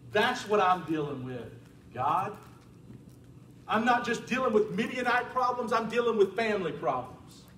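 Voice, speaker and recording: A man preaching a sermon as a pastor in a church, telling stories in an animated way. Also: high-pitched, a little hiss or hum. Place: church sanctuary. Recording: roomy church sound from a distant mic.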